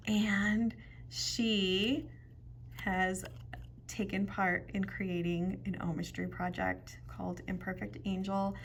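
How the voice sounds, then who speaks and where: A woman's voice: mid-range voice, flat delivery, slow, a little hiss or hum. A woman showing off jewelry beads in a casual vlog, chatty and gushing, often dropping to a whisper. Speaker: jewelry bead reviewer. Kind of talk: casual show-and-tell vlog.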